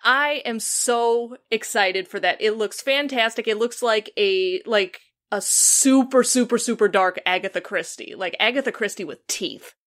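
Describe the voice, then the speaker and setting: A woman's voice: on the high side, measured pace, hardly any pauses, fairly bright tone. Chatty, enthusiastic woman podcast host. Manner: chatty, enthusiastic, with frequent restarts. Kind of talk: casual podcast chat.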